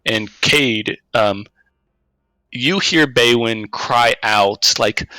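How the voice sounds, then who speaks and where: A man running a tabletop game as game master, narrating at an unhurried pace with frequent hesitations. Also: mid-range voice, bright, forceful tone, no room sound, rough recording.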